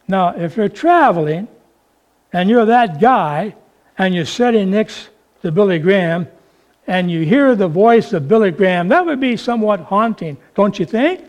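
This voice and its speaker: A man preaching a sermon, with slow, emphatic, drawn-out phrasing. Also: high voice, expressive, darkish tone.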